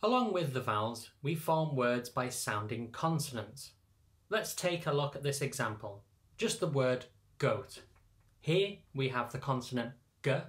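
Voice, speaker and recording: A man's voice: mid-range voice, fairly bright tone. Patient man teaching choir reading. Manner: patient, methodical explaining. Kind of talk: instructional narration.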